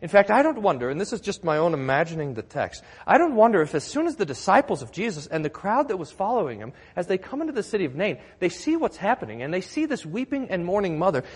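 A man's voice: high-pitched, husky, in a large hall. A man preaching a sermon in a church, telling the story with drama and building to emphatic declarations. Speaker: pastor.

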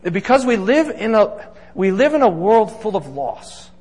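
A man's voice: high-pitched, sing-song, a little slow, a little mellow, slightly rough. A man preaching as a pastor, earnest and emphatic, building points through repeated lists in a sermon. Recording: long reverb of a large hall.

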